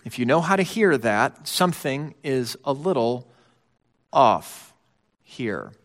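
A man's voice: mid-range voice, animated, slow, long reverb tail. A middle-aged man preaching a sermon, talking in a conversational way with wry asides to the congregation. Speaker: pastor.

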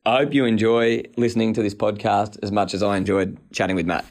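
A man, hosting a podcast and reading a prepared introduction in a steady way. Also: fairly low pitch, brisk. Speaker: podcast host.

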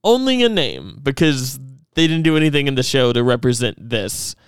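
Brief: young male podcast host, smooth and chatty, dry close sound. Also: medium pitch, moderate pace, dry recording. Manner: chatty, animated, laughs often. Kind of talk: casual chat.

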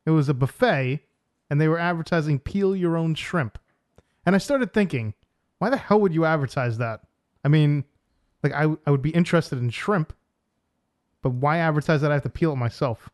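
A man from New York co-hosting a casual podcast chat, blunt and deadpan as he tells joking stories. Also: on the high side, fairly quick. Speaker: podcast co-host.

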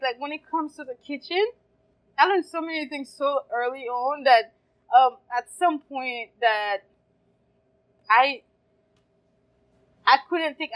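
A woman chats as a guest at a farmers market, spinning animated stories and breaking into laughter often. Her voice sits a little high for a woman. She talks in a loose, relaxed conversational way. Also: poor audio. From Haiti. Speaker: restaurant owner, guest. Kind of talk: casual interview chat.

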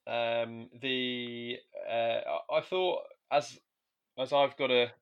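A man's voice: medium pitch, fairly even intonation, slow, clear, resonant tone, muffled recording. A man co-hosting a comedy podcast, chatting casually with stumbles and restarts. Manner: hesitant, stumbling restarts, dry. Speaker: podcast co-host.

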